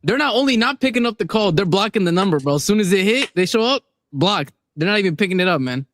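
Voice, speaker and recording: A man rattles through football banter at a fast clip, his voice high and animated. The sound is dry and close, with no room around it. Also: dry recording. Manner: quick, animated, keeps saying bro. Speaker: podcast co-host.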